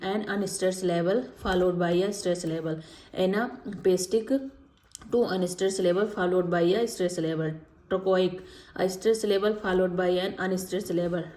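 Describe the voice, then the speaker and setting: This teacher's voice is lowish, mellow, and flat as she works through exam questions in a study lecture. She voices each option, then says the right answer again at a slow pace, all in a room with noticeable echo.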